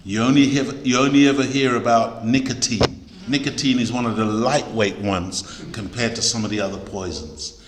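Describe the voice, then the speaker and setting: A man's mid-range voice, steady and at normal speed, rises over crowd noise as he preaches a sermon to a congregation. He is emphatic and exhorting, repeating key words for stress, like a preacher or lecturer. The large, echoey hall gives the recording a long reverb.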